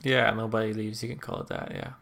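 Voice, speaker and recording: A man's voice: fairly low pitch, little pitch movement, quick pace, gravelly, fairly bright tone. A man co-hosting a comedy podcast, rambling through absurd musings in casual chat. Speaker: podcast co-host.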